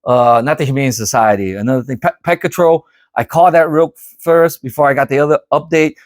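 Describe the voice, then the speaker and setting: A middle-aged man telling a story to camera in a casual, animated, rambling way, often repeating himself. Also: mid-range voice, fairly quick, dry recording, clean studio sound. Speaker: vlogger.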